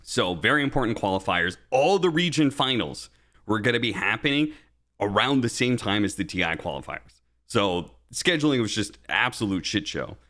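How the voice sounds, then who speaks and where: A man's voice: on the low side, moderate pace. A man co-hosting a casual podcast, telling a long, profane story about his casting days and growing heated as he talks. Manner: profane, animated storytelling, rising when angry. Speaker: podcast co-host and esports caster.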